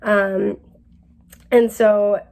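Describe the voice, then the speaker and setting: Giggly chatty young woman with gravelly fry. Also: mid-range voice, flat delivery, very slow, a little mellow. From New England. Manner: chatty, giggly, rambling with many fillers. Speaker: tarot reader. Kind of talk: casual spiritual reading.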